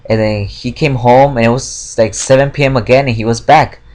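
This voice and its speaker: A man's voice: mid-range voice, fairly even intonation, brisk, darkish tone. Young man, casual vlog story, rambling, swears a lot, frustrated. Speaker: vlogger.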